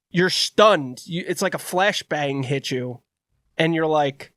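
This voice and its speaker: A young man co-hosting a podcast, telling a long story in a rambling, animated way. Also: fairly high pitch, unhurried, dry recording, clean studio sound. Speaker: podcast co-host. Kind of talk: casual storytelling chat.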